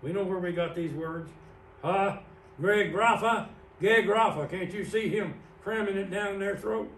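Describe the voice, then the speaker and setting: A male pastor with a slightly high voice gives an evening sermon of Bible teaching in a church sanctuary, explaining slowly and pointing out words on a screen. A distant mic picks him up, giving a roomy church sound with slight background noise.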